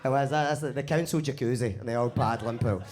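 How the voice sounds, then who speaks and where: A man with a Glaswegian accent performing a live stand-up set in a basement comedy club. He swears freely and talks in an animated way. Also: mid-range voice, fast. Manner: swearing, animated, laughs at own jokes.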